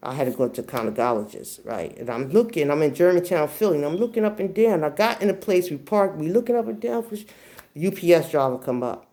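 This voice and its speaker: A woman in her forties from New Jersey telling a personal story in a casual way, acting out the people in it with sudden shrill outbursts. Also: fast. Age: 40s. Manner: animated, acts out voices in shrill outbursts.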